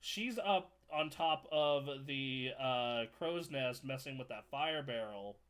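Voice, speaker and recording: A man co-hosting a casual gaming podcast, telling stories with animated energy, laughing and swearing freely. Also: medium pitch, slow. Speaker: podcast co-host and streamer.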